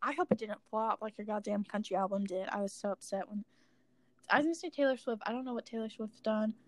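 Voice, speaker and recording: A young woman co-hosting a podcast, chatting casually, excitable and giggly, swearing a lot. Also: medium pitch, fast. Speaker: podcast co-host. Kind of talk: casual chat.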